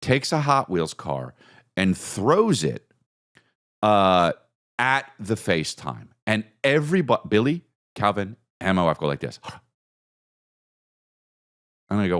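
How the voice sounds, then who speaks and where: Unhurried and pausing at length, this podcast host delivers a comedic tale, jumping his pitch dramatically as he voices himself and the other people in it.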